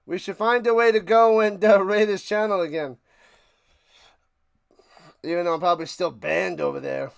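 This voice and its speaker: A man hosting a live football reaction stream, calling the plays between sarcastic rants. His voice sits high with a gravelly fry. He swings from low mutters to sudden loud outbursts. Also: steady tone, moderate pace, long pauses, no room sound, studio quality. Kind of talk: live sports reaction and play-by-play.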